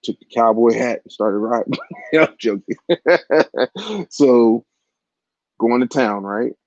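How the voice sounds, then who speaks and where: A man's voice: medium pitch, animated, slow pace, darkish tone, no room sound. A man in his forties telling a raunchy personal story in a crude, rambling way, with frequent asides to the listener. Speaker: vlogger. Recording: dull, lo-fi, dry audio.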